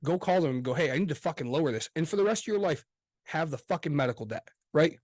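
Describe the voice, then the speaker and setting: A man co-hosting a casual podcast chat, swearing freely and talking with loud emphasis. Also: on the high side, expressive, fast, dry recording. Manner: profane, emphatic, gets loud. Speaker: podcast co-host.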